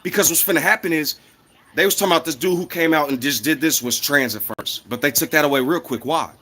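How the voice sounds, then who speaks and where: A man's voice: a little high, fast, bright, forceful tone. A man ranting in a casual, heated, profane monologue, often repeating himself.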